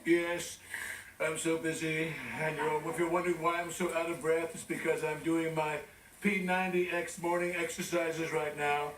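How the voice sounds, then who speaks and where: A man's voice: a little high, flat delivery, normal speed, recorded from a distance, background noise, close to an everyday voice. A man playing a boastful, rambling male president who is out of breath, in a sketch comedy impression. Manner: pompous, self-praising, rambling asides. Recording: roomy studio, from off mic, loud audience laughter.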